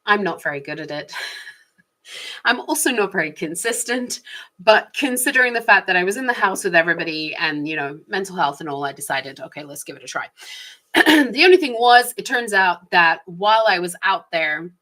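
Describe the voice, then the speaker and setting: Bright-voiced woman musing aloud. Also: fairly low pitch, expressive, moderate pace. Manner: chatty, frequent small laughs, shifting pace. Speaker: vlogger. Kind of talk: casual reflective monologue.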